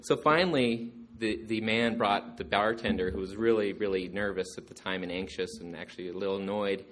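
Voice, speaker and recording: Lively man telling family stories. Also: lowish voice, brisk. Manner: animated, acting out jokes. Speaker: storyteller remembering his father. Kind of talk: storytelling to a gathering.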